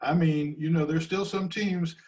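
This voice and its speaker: A man's voice: on the high side, fairly even intonation, normal speed, darkish tone. A man hosting a talk show, asking long questions and repeating words as he builds them. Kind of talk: interview questions.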